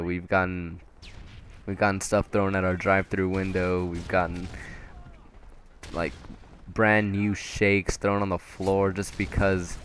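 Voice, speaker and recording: A young man working at a fast-food restaurant, telling work stories in a casual rambling way with frequent chuckles. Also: deep voice, a little hiss or hum. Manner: rambling, laughing often, lots of fillers. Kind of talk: casual storytelling vlog.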